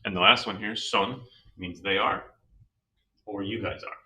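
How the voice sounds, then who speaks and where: Deep-voiced man teaching slowly, patiently. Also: steady tone, pushed and bright, recorded from a distance, rough recording. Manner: patient, walks through reasoning step by step. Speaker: Spanish teacher. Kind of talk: slow explanatory lesson.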